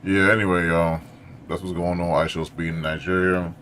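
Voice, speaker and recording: A man's voice: sits low, level tone, moderate pace, fairly bright tone, slight background noise. A man hosting a reaction video, talking casually and frankly, scolding one moment and sympathizing the next. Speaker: reaction streamer host.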